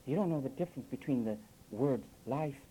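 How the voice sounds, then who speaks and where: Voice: medium pitch, expressive, brisk, warm tone, a little hiss or hum, rough recording. A preacher delivering a sermon with sarcastic asides, mimicking the phrases he criticises. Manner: sarcastic, mocks quoted phrases with acted voices.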